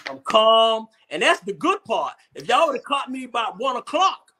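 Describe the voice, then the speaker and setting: A man hosts a casual comedy talk show. His voice sits high and bright, and he rambles and circles back on his words, laughing often. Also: very animated, moderate pace, slight background noise. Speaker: host.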